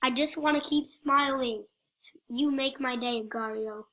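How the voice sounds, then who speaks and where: Goofy woman narrating her game, high bright voice, takes her time. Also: unhurried. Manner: goofy, rambling, talks to other players. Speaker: gameplay commentator. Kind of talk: playful gameplay commentary.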